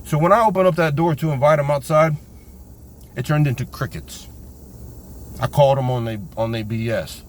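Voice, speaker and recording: A man casually telling a personal story, animated and slangy, acting out the voices of the people in it. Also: on the high side, normal speed, long pauses, slight background noise.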